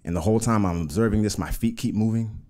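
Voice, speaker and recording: A man with a low, mellow voice tells a true personal story on stage. He speaks in an earnest, measured way, setting each moment down in present tense. The voice stays deep and warm throughout. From Uganda.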